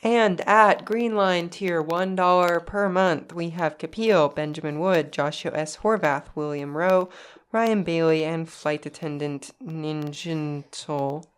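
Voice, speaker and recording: A woman co-hosts a podcast at an unhurried pace, her voice sitting slightly low. She reads out supporter names and slips in dry, quippy remarks. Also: clean tone. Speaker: podcast co-host. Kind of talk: casual chat, reading out patron names.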